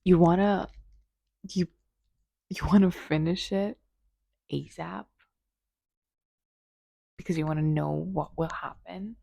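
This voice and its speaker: A young woman talks through a book she is reading in a casual vlog, excitable and gushing in her reactions. Her voice is soft and mellow, and she speaks slowly. The recording is close and dry. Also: lowish voice, gravelly, no echo. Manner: gushing, excitable, reads lines aloud. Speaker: book vlogger.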